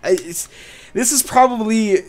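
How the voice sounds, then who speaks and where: A man's voice: sits high, measured pace, faint music behind. A man doing rambling, profane let's play commentary while gaming. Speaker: gaming YouTuber.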